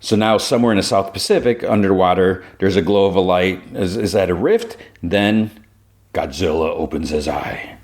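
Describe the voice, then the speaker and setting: A man with a very low voice retells a show's episode on his podcast. He talks loosely and casually, leaning on "like" as he goes. The tone is easygoing recap chat. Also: normal speed, darkish tone. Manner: loose storytelling with many "like" fillers. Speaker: podcast host.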